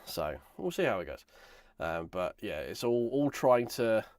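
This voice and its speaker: A man streams live and chats loosely as he works, his voice rough and gravelly from a chest infection. His speech sits on the low side and drifts along in a rambling, self-mocking way. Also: sing-song, unhurried, darkish tone, no echo, studio quality. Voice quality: croaky, gravelly. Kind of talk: casual live-stream chat while building.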